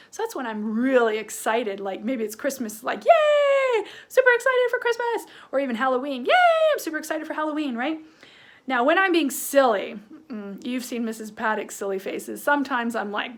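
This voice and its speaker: A woman teacher giving an online lesson to young children, acting out faces and sounds, with many "right?" and "um" fillers. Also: on the high side. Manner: animated, acts out facial expressions with sounds.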